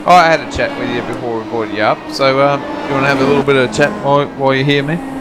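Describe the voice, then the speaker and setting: Chatty stream host. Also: male voice, mid-range voice, steady tone, fast, background noise. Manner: chatty, filler-heavy, easygoing. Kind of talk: casual livestream commentary. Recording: background music on stream.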